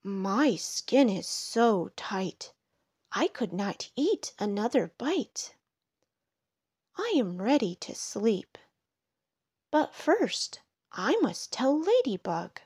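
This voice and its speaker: A woman voicing a stuffed, weary woodchuck in a storybook, sighing slowly. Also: on the high side, sing-song, a little mellow, breathy edge, full character voice. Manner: sighing, slow. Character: full, weary woodchuck ready to sleep.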